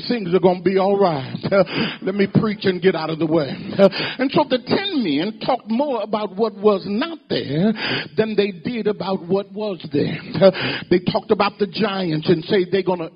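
A man preaching a sermon with call and response, rhythmic, dropping a drawn "uh" between phrases and swelling and falling in loudness as he exhorts the congregation. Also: high-pitched, slightly rough, dull audio.

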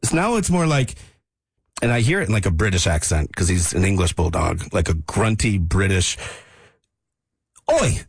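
A man's voice: fairly quick, gravelly, slightly rough, dry recording. A man co-hosting a radio show, telling jokey stories in a casual chat. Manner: jokey storyteller, lively pitch.

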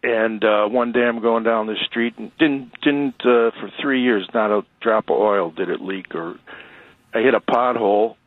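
A man's voice: on the low side, normal speed, no room sound. A man from Chicago calling in to a radio show, telling a long rambling story with many restarts. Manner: chatty, rambling, frequent restarts. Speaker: radio caller. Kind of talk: casual storytelling. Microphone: phone. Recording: tinny phone line.

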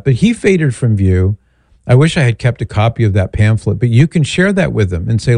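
A middle-aged man hosting a call-in show, answering a caller in a measured, thoughtful way with rambling asides. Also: medium pitch, very animated, a little mellow, no room sound. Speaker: radio show host. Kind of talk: call-in advice talk.

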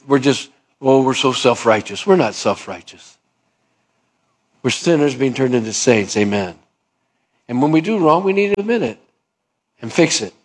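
A pastor delivering a sermon in a fairly high voice. He acts out imagined conversations, his pitch swinging up and down between the voices, and keeps turning to the congregation with questions.

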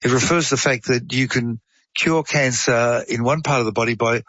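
A man's voice: mid-range voice, normal speed, fairly bright tone, no echo, dull audio. A man, chatting casually and explaining science through analogies and case stories. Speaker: science explainer on a talk show. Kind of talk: casual chat, storytelling explanation.

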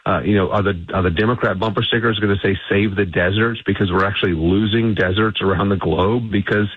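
Low raspy guy on a phone line, sure of himself, pushing his point. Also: fairly even intonation, fast talker, dry recording. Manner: confident, emphatic advocacy. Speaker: energy think tank CEO, guest. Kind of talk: radio interview answers.

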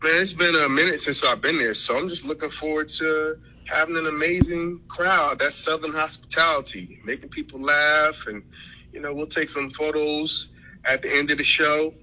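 A man calling in on the phone as a guest comedian, easygoing and relaxed. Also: a little high, moderate pace. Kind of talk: phone interview. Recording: phone line on the radio.

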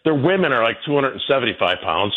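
A very animated man in his sixties talks fast in a slightly rough voice, heard through narrow, tinny audio, as a guest in a casual radio conversation. He tells stories in a rambling way, repeats words, and quotes people in a high voice.

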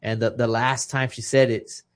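A man's voice: mid-range voice, little pitch movement, normal speed. A man in his thirties, a retired boxer as podcast guest, telling a personal story with feeling and acting out the lines of other people. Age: 30s. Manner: emotional storytelling, acting out quoted dialogue. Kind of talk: casual podcast conversation.

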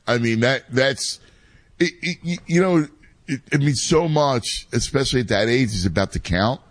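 A man's voice: mid-range voice, dry recording. A man in his forties in casual chat, talking in a rambling way with many restarts. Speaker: youth baseball coach and father, co-host.

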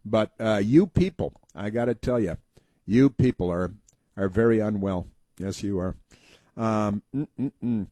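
Male talk radio host, rambling folksy storyteller, warm mellow voice. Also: lowish voice, no echo. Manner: halting, many uh fillers and restarts.

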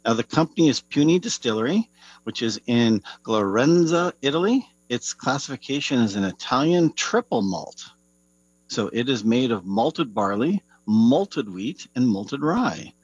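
A man joining a radio show remotely, reading tasting notes for the whiskey segment in a relaxed way. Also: medium pitch, unhurried, slightly rough, no room sound, highs cut off. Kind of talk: reading product notes on air. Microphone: remote call-in.

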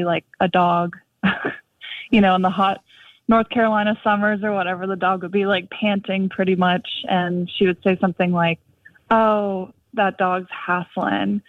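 A woman's voice: mid-range voice, no echo. Casting: chatty female caller, phone-line sound, dry. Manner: chatty, laughs often, many likes. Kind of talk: casual phone-in chat.

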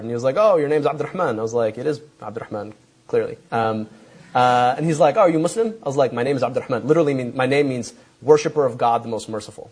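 A man's voice: mid-range voice, a little mellow, slight background noise. A man telling a comic personal anecdote, acting out both sides of the dialogue and laughing along. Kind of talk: stand-up style anecdote.

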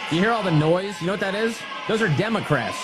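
A man's voice: sits high, quick pace, over loud music. A man hosting a radio talk show, giving scornful, mocking political commentary and laughing at his targets.

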